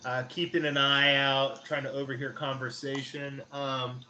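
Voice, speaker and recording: A man narrating a tabletop game as game master, describing scenes in a halting way with many fillers. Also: mid-range voice, flat delivery, pushed and bright, echoey room, lo-fi sound, slight background noise.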